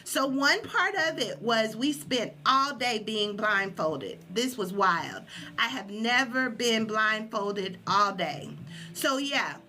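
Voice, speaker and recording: A woman podcast host telling a story in a casual live stream, animated and acting out quotes. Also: slow pace, slight background noise. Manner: animated, acts out quotes with high yelps.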